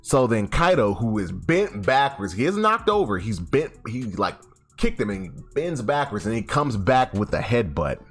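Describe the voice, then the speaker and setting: A man giving a casual, animated comic recap, swearing freely and often restarting his sentences. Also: medium pitch, moderate pace. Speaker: YouTube host. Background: faint background music.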